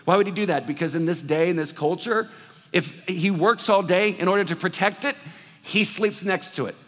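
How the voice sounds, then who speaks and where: A man preaching a sermon, telling a story with lively acted-out dialogue before moving into scripture. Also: high-pitched, normal speed. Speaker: pastor. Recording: reverberant hall sound.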